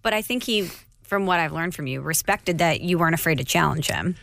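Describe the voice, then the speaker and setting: A woman with a fairly low voice hosts a relaxed conversation, keeping it chatty and light. The recording is dry and close. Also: gravelly, no room sound. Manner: conversational, quick to laugh. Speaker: podcast host, interviewer. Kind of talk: casual interview.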